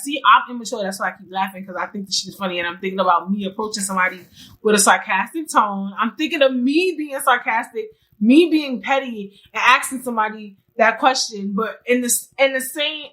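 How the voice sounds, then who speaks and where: A woman's voice: on the high side, sharp tone, rough recording. A young adult woman hosting a solo podcast, talking candidly in slangy casual chat and often laughing. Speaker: podcast host.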